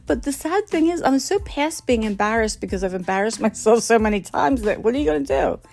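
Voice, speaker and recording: A woman's voice: on the high side, expressive, fairly quick, vocal fry, darkish tone, soft background music. A middle-aged woman telling comic stories about her own mistakes, laughing at herself and acting out the people in them. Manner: self-mocking, laughing often, acting out quoted voices. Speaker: storyteller host. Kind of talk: casual comic storytelling.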